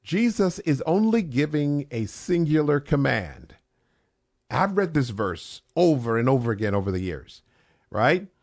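A man, a pastor guest on a radio program, preaching in a measured, emphatic way that lifts on key phrases. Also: mid-range voice, big pitch swings, darkish tone, no echo. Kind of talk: preaching on a radio talk show.

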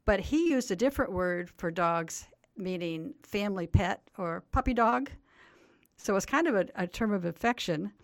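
A woman's voice: medium pitch, lively intonation, normal speed, no echo. An older woman, a Bible teacher, explaining a scripture story earnestly as a guest on a talk program. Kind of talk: radio interview, storytelling.

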